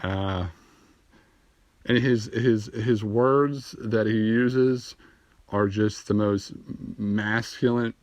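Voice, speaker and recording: A man's voice: lowish voice, steady tone, drawn-out words, dry recording. A young man doing a rambling, profane stand-up comedy monologue and laughing at his own jokes, recorded on a phone. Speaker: amateur comedian.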